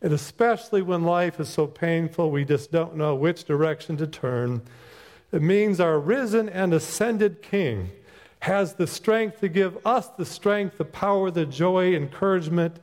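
A middle-aged man preaches a sermon in a folksy, conversational way, easing into stories before making his point. His voice sits a little high for a man. The sound carries a long reverb from the church around him. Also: unhurried, darkish tone. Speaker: chaplain pastor. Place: church sanctuary.

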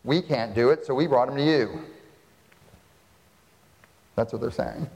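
A male pastor preaching a sermon in a church hall, lively and full of rhetorical questions. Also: mid-range voice, a little slow, creaky. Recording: long hall reverb.

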